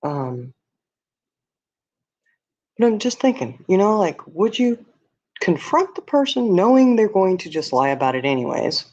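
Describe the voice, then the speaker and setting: A woman with a low, darkish voice hosts a livestream, casually chatting with viewers. She rambles through a hypothetical, packing in lots of fillers and talking straight to chat. The stream audio is dull and lo-fi.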